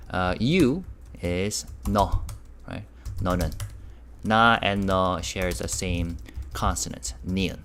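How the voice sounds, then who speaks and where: A man teaches a casual online language lesson, patiently repeating examples, asking viewers questions, and jumping up in pitch on key words. His voice is a bit bright, with slight background noise.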